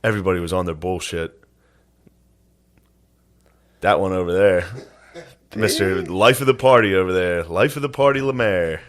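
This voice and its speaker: Laid-back guy, low voice. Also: normal speed, long pauses. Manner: laid-back, crude, laughing while telling stories. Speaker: podcast co-host. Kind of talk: casual podcast banter.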